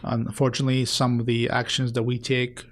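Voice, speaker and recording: A man who is a sports medicine doctor, appearing as a guest and speaking earnestly in a halting way with many fillers. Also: medium pitch, monotone. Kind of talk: casual interview chat.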